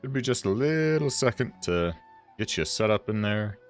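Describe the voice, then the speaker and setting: Relaxed male streamer, lowish voice with lively swings, unhurried chatter with viewers. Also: faint music behind. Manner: laid-back, rambling, chatty with viewers. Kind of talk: casual livestream chat.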